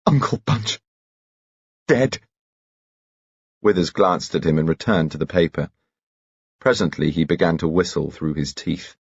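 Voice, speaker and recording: A man narrating a detective novel in a measured, crisp reading. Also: rumbling low, no echo, lo-fi sound. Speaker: audiobook narrator. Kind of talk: scripted narration.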